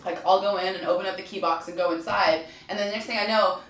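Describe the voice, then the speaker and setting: A woman real estate agent chatting casually, telling anecdotes with quick asides. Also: medium pitch, fairly even intonation, a bit bright. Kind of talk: casual chat. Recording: roomy echo, distant mic.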